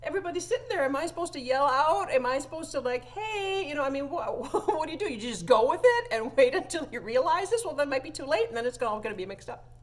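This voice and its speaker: A woman's voice: high voice, very animated, fast. A woman who plays organ in church, telling a funny story in a chatty way with lots of fillers and laughs. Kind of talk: casual anecdote to viewers.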